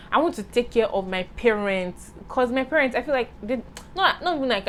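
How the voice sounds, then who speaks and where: Young Nigerian woman, casual Q&A vlogger, playful and chatty, faint room noise behind. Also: mid-range voice. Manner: lively, playful, breaks into Yoruba and pidgin asides. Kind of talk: casual Q&A vlog chat.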